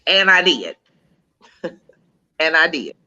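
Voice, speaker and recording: A woman in her late forties speaks slowly in a low voice, with the high frequencies cut off. She's an interview guest telling her personal story candidly, animated and emphatic as she acts out quoted dialogue.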